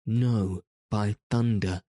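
A man's voice: lowish voice, flat delivery, slow, mellow, no echo, clean studio sound. A man reading an audiobook, voicing a dogged male pirate who growls back stubbornly. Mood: defiant.

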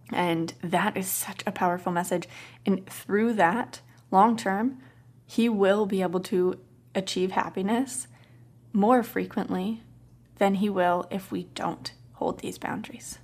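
A woman hosting a parenting show talks softly and gently as she tells a story. Her pitch sits in an ordinary middle range, and her delivery stays calm and even. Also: unhurried. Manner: calm, soft-spoken, gentle. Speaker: parenting coach podcast host. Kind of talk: casual storytelling.

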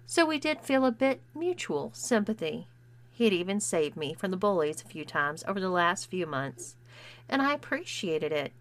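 A woman's voice: lowish voice, very animated, moderate pace. A woman narrating a first-person story and voicing its dialogue herself. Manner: acts out dialogue with shifting voices.

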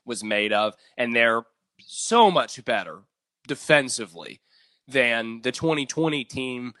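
A man co-hosting a live sports talk show, reading ad spots and giving confident, animated takes on the team. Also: medium pitch, unhurried, dry recording. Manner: animated, confident opinions, reads ad copy smoothly.

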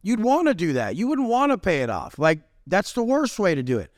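A brash, profane man talks in an intense, swaggering rush. His voice sits a bit high and swings widely in pitch. The sound is close and dry, with no room echo. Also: wildly swooping pitch, fairly quick. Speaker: podcast guest. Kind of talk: casual chat.

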